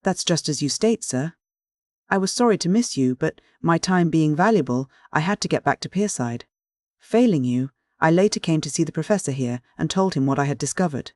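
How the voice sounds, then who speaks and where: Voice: medium pitch, expressive, fairly quick, darkish tone, no room sound, clean studio sound, natural voice. A narrator voicing a cool, defiant American sea captain who speaks with a drawl.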